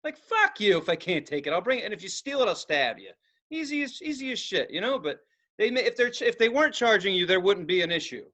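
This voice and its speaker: A man's voice: high-pitched, quick pace. A man co-hosting a podcast, telling a story full of swearing and acting out each person in it. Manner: animated, swears constantly, acts out the people in his story. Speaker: podcast co-host. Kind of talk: profane comedic storytelling.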